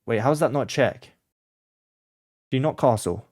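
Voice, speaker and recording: With lively intonation and a somewhat slow pace, a man's medium-pitched voice comes through a dry, studio-quality recording. He creates chess content and is thinking aloud through a blindfold game, muttering his moves, sometimes quietly focused, sometimes panicking when he loses track of the board.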